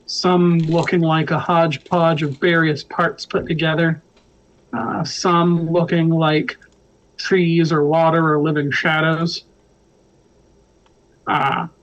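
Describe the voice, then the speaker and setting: Slow-talking male storyteller, lo-fi mic. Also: on the high side. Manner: unhurried, relaxed narration with fillers. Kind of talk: narrating a tabletop game. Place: home, online game session. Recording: dull lo-fi online audio.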